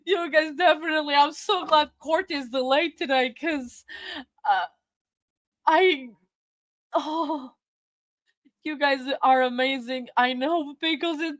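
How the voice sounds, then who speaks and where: A woman's voice: sits high, a bit bright, dry recording. Tearful woman livestreamer, dry close sound. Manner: emotional, tearful, laughing, halting and repetitive. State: crying. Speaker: livestream host. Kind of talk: casual livestream chat with viewers.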